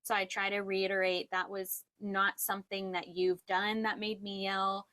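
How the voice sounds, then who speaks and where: A woman's voice: medium pitch, little pitch movement, normal speed, bright, forceful tone. Earnest woman in her thirties. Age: 30s. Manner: earnest, reflective, laughs often. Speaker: podcast co-host. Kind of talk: casual faith-based chat.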